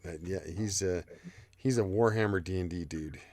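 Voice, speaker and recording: A man's voice: deep voice, moderate pace, a crowd in the background. A man hosting a casual livestream, rambling loosely through the chat and cursing freely. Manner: rambling, loose and profane, reads chat aloud. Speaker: livestream host.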